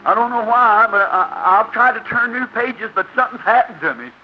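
A man's voice: very high voice, expressive, a little fast. A man acting out a middle-aged businessman earnestly confessing his sins. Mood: pleading. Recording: dull lo-fi recording with faint hiss.

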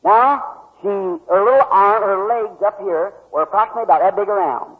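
A man's voice: high voice, animated, fairly quick, breathy edge. A male preacher, telling a folksy story in a sermon with rural turns of phrase. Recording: tinny old lo-fi tape in a hall.

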